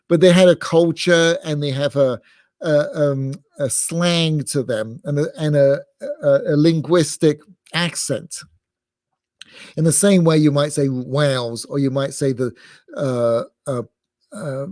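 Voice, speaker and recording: A middle-aged rabbi from England lectures in a rambling way, full of restarts and fillers. His voice sits a little high for a man. The sound is dry and close, with no room echo. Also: a little mellow. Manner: digressive, many restarts and fillers, self-amused.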